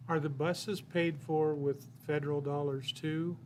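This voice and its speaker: A man asking a council presenter measured questions. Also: on the high side, fairly even intonation, a little mellow, slight background noise. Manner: measured, inquiring. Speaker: city council member.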